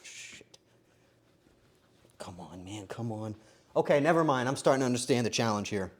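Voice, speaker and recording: A man live-streaming himself baking, joking to his chat and swinging between quiet mutters and loud outbursts. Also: medium pitch, animated, quick pace. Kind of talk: casual live-stream commentary while baking.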